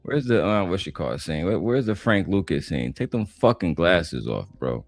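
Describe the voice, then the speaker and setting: A man from Detroit with a deep, low voice tears into a panel in loose, profane slang. His talk is blunt and trash-talking, recorded dry and close with a faint music bed. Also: big pitch swings, moderate pace, gravelly, no echo. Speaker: commentator reacting to a panel clip. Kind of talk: profane reaction commentary.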